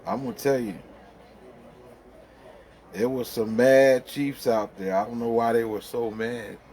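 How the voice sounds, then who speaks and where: A man's voice: medium pitch, steady tone, a little slow, darkish tone. Rambling middle-aged man telling a story. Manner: rambling, colloquial, laughs through the story, lots of fillers. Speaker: vlogger. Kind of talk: casual storytelling.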